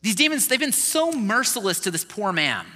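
A male pastor preaching with a high, very bright and sharp voice that swings widely up and down. His delivery is conversational and animated. The sound rings with a long reverb, as in a big hall. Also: moderate pace. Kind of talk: sermon.

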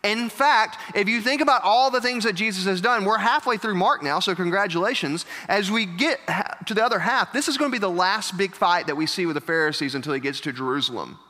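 A man pastor preaching a sermon in a church, animated, with joking asides to the congregation. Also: sits high, a little fast, hardly any pauses. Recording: echoey church hall.

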